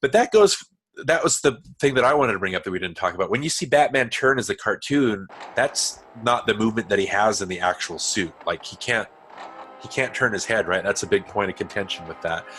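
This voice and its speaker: A man's voice: on the low side, animated, a little fast, fairly bright tone, a little hiss or hum. A man hosting a podcast in a casual, chatty way, talking in loose, digressive sentences full of restarts. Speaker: podcast host.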